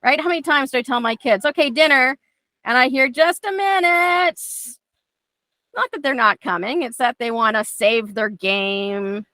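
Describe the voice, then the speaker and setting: A woman's voice: fairly high pitch, moderate pace, few pauses, no room sound. A middle-aged woman, teaching a dog training class in a casual, chatty way, often acting out what her dogs think. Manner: chatty, acts out her dogs' thoughts in lively voices.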